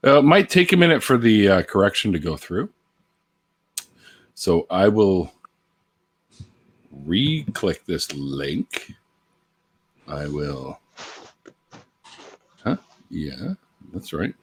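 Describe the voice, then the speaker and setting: A man's voice: low-pitched, big pitch swings, takes it slowly, pauses often, slightly rough. Laid-back tipsy man hosting a stream. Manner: rambling, laughs often, swears, greets viewers in stretched sing-song calls. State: drinking beer, a bit tipsy. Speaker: livestream host. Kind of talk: casual livestream chat.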